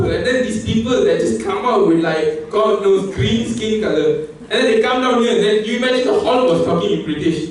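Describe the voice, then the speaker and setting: A young man with a high voice delivers a joking, emphatic contest speech, now and then breaking into excited high outbursts. He is caught from well back in a very echoey hall, with faint room ambience behind him. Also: distant mic, slight background noise. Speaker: public speaking contestant. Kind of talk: competition speech. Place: competition hall.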